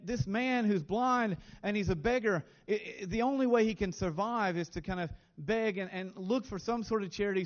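Male pastor, fairly high voice, earnest sermon delivery, muffled lo-fi recording. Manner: earnest, repeats words when stressing a point.

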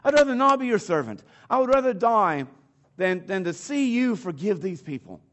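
A cranky, overdramatic prophet, as a man preaching puts him on, pitched well above his own speaking voice and pushed louder. He whines and sulks in a theatrical, exasperated way. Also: big pitch swings, normal speed. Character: cranky overdramatic male prophet, adult, sulking.

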